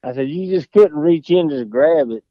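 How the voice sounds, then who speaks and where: A man's voice: on the high side, expressive, normal speed, no echo, lo-fi sound. A man from Florida with a Southern accent, a golf podcast guest telling a rowdy, profane story with laughs. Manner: profane, laughing, drawling yarn-spinner. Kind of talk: casual storytelling.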